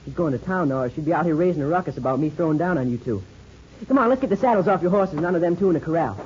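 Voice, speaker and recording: Brief: male actor as a brash young ranch hand, quick-talking, fairly high voice, lo-fi old radio sound. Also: lively intonation, a little mellow, slight background noise, close to an everyday voice. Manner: quick, boyish western drawl. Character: brash young ranch boy, eager gunslinger wannabe. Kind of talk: 1950s radio drama acting. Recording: dull lo-fi old radio broadcast.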